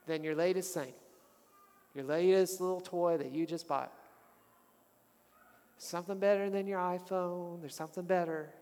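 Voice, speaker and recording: A man with a notably high voice preaches a sermon, rising into animated bursts and asking the congregation to speak along. His words ring out with the long reverb of a large hall. He sounds like a pastor at the pulpit. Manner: animated, calls the congregation to respond.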